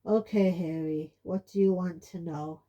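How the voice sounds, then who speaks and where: A woman reading an audiobook, voicing an earnest man in his thirties who explains things calmly. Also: lowish voice, a little slow, dull audio, lightly acted. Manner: calm, explanatory.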